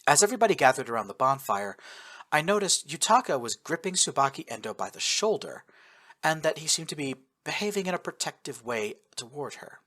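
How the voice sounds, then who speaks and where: An expressive man reads a first-person war tale aloud with lively storytelling. His voice is bright and forward, and his pitch moves freely over a wide range. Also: brisk. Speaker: narrator. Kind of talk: first-person audiobook narration of fan fiction.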